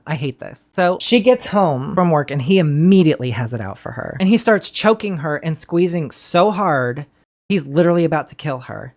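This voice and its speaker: A woman's voice: sits low, lively intonation, moderate pace, a little mellow. A woman giving blunt, emotional commentary while recapping a true-crime episode, swearing freely. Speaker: commentary host. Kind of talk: casual reaction commentary.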